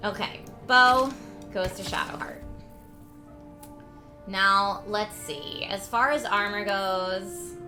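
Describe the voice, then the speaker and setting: A woman streamer talking her way through a video game live, thinking aloud with quick laughs. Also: mid-range voice, bright, forceful tone. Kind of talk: live gameplay commentary. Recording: game music playing behind.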